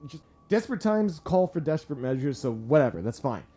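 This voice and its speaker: A man giving a casual, profane movie review, excitable and full of fillers. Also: a little high, fairly quick. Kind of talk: casual spoken film review.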